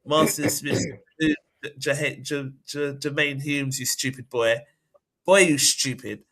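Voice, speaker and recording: A woman's voice: rumbling low, steady tone, slow pace, a bit bright. A woman hosting a casual chat, reading out viewer comments with blunt, laughing asides. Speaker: host.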